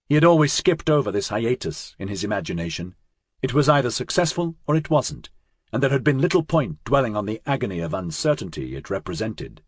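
A man reading a science-fiction audiobook in a measured, dramatic narration. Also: medium pitch, breathy edge, no echo, clean studio sound.

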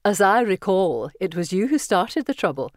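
A woman's voice: medium pitch, big pitch swings, moderate pace, no echo, studio quality, close to an everyday voice. A woman doing a fond, teasing older teacher. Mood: reminiscing. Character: warm chatty older woman teacher, reminiscing.

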